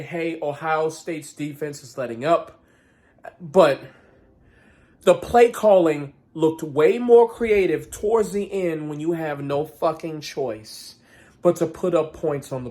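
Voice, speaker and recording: A man ranting about a football game as a fan vlogger, profane, swinging between shouted outbursts and low muttering. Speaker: sports vlogger. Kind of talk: angry fan rant.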